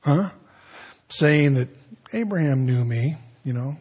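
A man's voice: mid-range voice, lively intonation, takes it slowly, a little mellow, breathy edge. A man preaching a sermon, retelling stories in a folksy, conversational way with joking asides.

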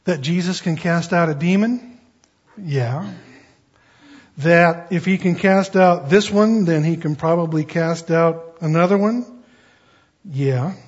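A man's voice: fairly high pitch, takes it slowly, long pauses, breathy edge. A male pastor preaching a sermon in a folksy, conversational way, with homey asides. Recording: dull lo-fi recording.

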